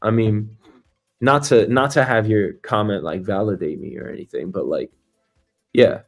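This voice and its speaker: A man's voice: lowish voice, normal speed, gravelly, faint music behind. A man hosting a news talk stream as a comedian, rambling and swearing freely, with lots of filler words. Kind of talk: casual profane commentary.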